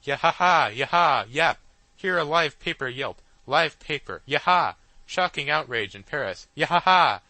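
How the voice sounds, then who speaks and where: A man voicing a shrill, yelping newspaper machine that screams headlines in an audiobook. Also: lively intonation, measured pace, bright, forceful tone, no room sound, rough recording. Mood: excited.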